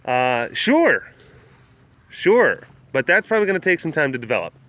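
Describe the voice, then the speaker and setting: Lively rambling man streaming. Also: moderate pace, no room sound. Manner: rambling with many restarts, coos high at the cats. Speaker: animal care keeper streaming live. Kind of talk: casual livestream chat reading comments. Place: outdoors at a wild animal facility.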